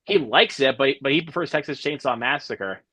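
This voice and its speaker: A young man hosts a relaxed live chat, his husky voice rising and falling with lively enthusiasm. He leans on "bro" as he recounts scenes. The sound is dry and close. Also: medium pitch, a little fast, dry recording. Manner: laid-back, keeps saying "bro", animated storytelling. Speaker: livestream host. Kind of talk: casual chat.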